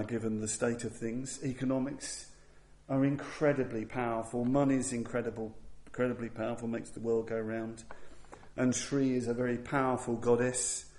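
A man's voice: medium pitch, mellow. Male Buddhist teacher, earnest and emphatic, mid-range voice, roomy echo. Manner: earnest, emphatic, with frequent restarts. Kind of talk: Dharma talk.

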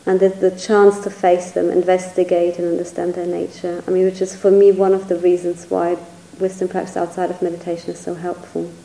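A woman's voice: on the low side, monotone, a little fast, gravelly, few pauses, warm tone, echoey room, poor audio. A woman teacher giving a reflective Buddhist dharma talk, searching for words and hedging often as she speaks. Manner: reflective, searching, hedges with "sort of".

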